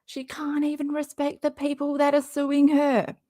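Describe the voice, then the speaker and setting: A woman's voice: sits high, completely flat delivery, moderate pace, mellow, no echo. A woman hosting a casual reaction livestream, chatty and sarcastic, rambling and laughing often. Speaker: livestream host.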